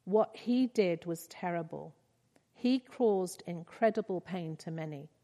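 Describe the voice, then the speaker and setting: Donna che interpreta un Dio paterno, dolce e rassicurante, voce lenta. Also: female voice, lowish voice, lively intonation, measured pace, warm tone. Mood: gentle. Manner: tender, reassuring reading. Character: gentle fatherly God figure called Papa. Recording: reverberant hall.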